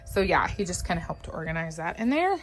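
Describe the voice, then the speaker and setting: A woman's voice: lowish voice, sing-song, fairly quick, soft background music. A woman with a scratchy voice giving a casual, rambling walkthrough of her backyard garden, filmed on a phone outdoors. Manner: chatty, rambling, talks to her dogs. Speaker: vlogger giving a garden tour.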